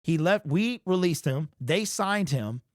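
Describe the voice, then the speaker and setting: A man's voice: fairly high pitch, no room sound, clean studio sound. Fired-up male sports fan host. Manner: animated, talks fast, uses slang. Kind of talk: casual sports fan commentary.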